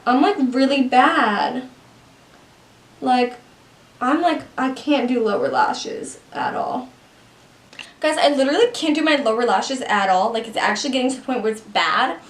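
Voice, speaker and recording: A woman's voice: sits high, lively intonation, normal speed, reverberant, far from the mic. A young woman chatting casually through a makeup tutorial, self-deprecating and full of "like" and "you guys". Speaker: beauty vlogger.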